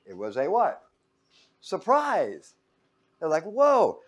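An animated male teacher lecturing a live class, his pitch swinging widely as he talks. He keeps tossing fill-in-the-blank questions at the room and acts out quotes in playful voices. His voice sits at an ordinary middle pitch. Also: moderate pace.

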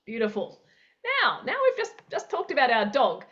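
A woman's voice: fairly high pitch, very animated, moderate pace, fairly bright tone, dull audio. A woman teaching an interactive online workshop, acting out everyday scenarios with playful sound effects. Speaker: presenter.

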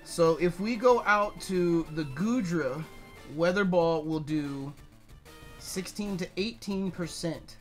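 A man commentating his video game run, swearing, swinging between yelling and muttering calculations, his voice strained from shouting. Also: a little high. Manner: swears a lot. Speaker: gaming YouTuber. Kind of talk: let's play commentary.

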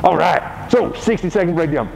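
A man's voice: fairly high pitch, very animated, moderate pace, vocal fry, a little mellow, a little hiss or hum, poor audio. A man coaching a parkour tutorial in a playful way, with joking asides. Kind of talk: tutorial instruction.

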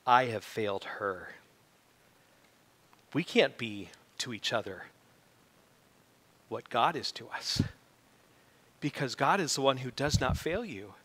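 A middle-aged man preaching a sermon as pastor, animated and building to loud emphatic peaks. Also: mid-range voice, slow pace, pauses often, breathy edge. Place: church sanctuary. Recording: reverberant church hall.

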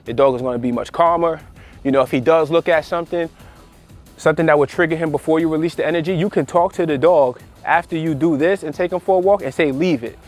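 Chatty male dog trainer, mid-high voice. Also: fast, soft background music. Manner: conversational, repeats phrases, frequent "all right" and "you know"; gives short commands to his dog. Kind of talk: casual instructional talk to camera.

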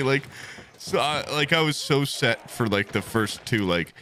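A young man streaming a game, chatting casually and telling stories with animated, exaggerated high voices. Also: moderate pace, a little hiss or hum. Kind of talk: casual gaming chat.

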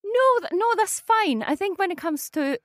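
A Swedish woman with a Swedish accent teaching her native language, encouraging the learner and saying words clearly for him to copy. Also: very high voice, expressive, moderate pace, dry recording, clean studio sound. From Sweden. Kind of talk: conversational language lesson.

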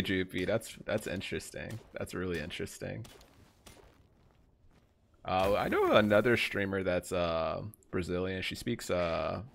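A man's voice: low voice, vocal fry. A young man live-streaming a game, chatting casually and rambling to his viewers, greeting them by name.

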